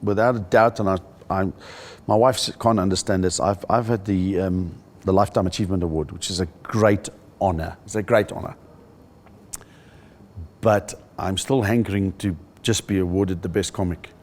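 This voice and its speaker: A middle-aged South African man, a stand-up comedian, telling stories in an interview and jumping into high voices for the punchlines. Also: normal speed. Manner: animated storyteller, jumps into high-pitched voices for jokes. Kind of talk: interview with comic anecdotes.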